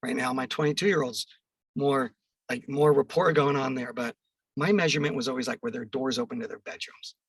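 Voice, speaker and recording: A middle-aged man, a podcast guest, telling a story in an animated way and acting out the quoted dialogue. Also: mid-range voice, a little fast, husky, no echo, far from the mic, poor audio.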